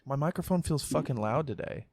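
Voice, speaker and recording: A man's voice: mid-range voice, lively intonation, a little fast, a little mellow, no echo. A man co-hosting a casual podcast, ranting his opinions with a lot of swearing. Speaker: podcast co-host. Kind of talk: casual chat. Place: home podcast setup. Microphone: studio mic turned sideways.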